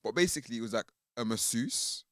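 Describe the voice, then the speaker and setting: A man's voice: medium pitch, fast, dry recording, studio quality. A young man, co-hosting a casual podcast chat and telling stories with lots of fillers and laughs. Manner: animated storytelling with frequent fillers and laughs. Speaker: podcast co-host.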